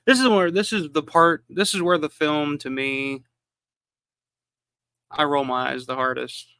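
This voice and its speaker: A man's voice: medium pitch, vocal fry, bright, forceful tone, smooth, no echo. A man from the American South hosting a live watch-along, giving casual film commentary with lots of restarts and fillers. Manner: rambling, frequent restarts and fillers. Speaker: live stream host.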